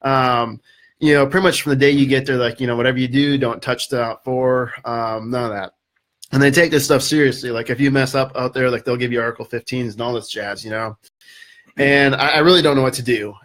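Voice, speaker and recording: A man telling a story as a podcast guest, casual and animated, with lots of fillers. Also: mid-range voice, a little fast.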